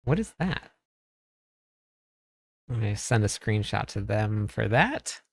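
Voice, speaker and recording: A man's voice: lowish voice, sing-song, slow pace, creaky, dry recording. A man streaming a game, chatting casually, thinking aloud and talking to his chat. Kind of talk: casual live-stream commentary.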